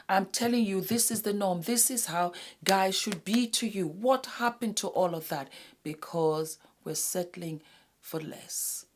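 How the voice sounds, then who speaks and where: A woman from West Africa hosting a casual commentary video, talking earnestly to her viewers and dropping to a hushed whisper to stress a point. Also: fairly low pitch. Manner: addresses viewers as "my darlings". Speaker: YouTube host.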